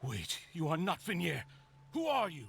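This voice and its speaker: A desperate grieving lover in a fantasy game, his high voice swinging widely as he pleads and yearns. He sounds shaken and emotional. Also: wildly swooping pitch, normal speed, creaky, fairly bright tone, slight background noise, full character voice. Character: desperate grieving man chasing his lost love.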